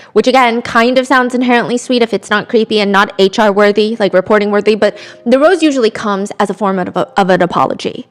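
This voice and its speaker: A young woman hosting a podcast, telling a true-crime story with chatty, animated asides and quoted voices. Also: medium pitch. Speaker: podcast host.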